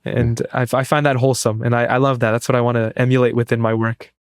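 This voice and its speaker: A man's voice: medium pitch, level tone, fast, clean tone, no room sound, studio quality. A young man, a pre-med student, telling an earnest story as a podcast guest. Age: young adult. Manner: earnest, eager, restarts phrases. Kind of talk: casual interview storytelling.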